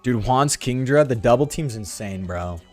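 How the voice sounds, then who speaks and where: A young man with a sore throat giving slangy, excitable commentary while playing a video game. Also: medium pitch, normal speed, soft background music. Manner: slangy, excitable, lots of "dude" and "bro". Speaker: gaming video host.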